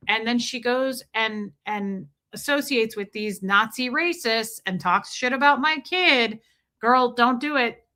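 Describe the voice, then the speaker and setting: A middle-aged American woman runs her live stream, speaking bluntly and peppering her talk with profanity. Her voice sits a touch high with a bright, forceful edge. She breaks off now and then to greet viewers and thank them for their messages. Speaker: livestream host. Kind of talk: live-stream commentary, reading super chats.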